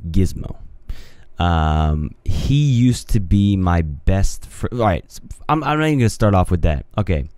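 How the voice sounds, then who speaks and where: A young man chats through a casual solo podcast, his voice deep and dark in tone. He rambles and hesitates, restarting sentences and filling gaps with ums. The sound is close and dry, with no room around it. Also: clean tone, dry recording. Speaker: podcast host. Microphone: studio mic on a home mixer setup.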